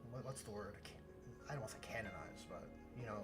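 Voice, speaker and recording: A man hosting a relaxed hobby stream, chatting in an easygoing way and often restarting his sentences. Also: fairly low pitch, fast talker, over music. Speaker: streamer host. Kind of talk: casual chat.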